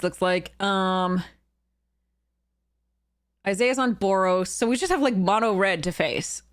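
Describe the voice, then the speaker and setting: A bubbly woman streamer chats casually to her viewers, giggling often. Her pitch sits in an ordinary middle range, and she rambles through fillers and restarts in a loose, excited way. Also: clear, resonant tone. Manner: bubbly and giggly, with frequent laughter. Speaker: streamer and content creator. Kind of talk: casual live-stream chat.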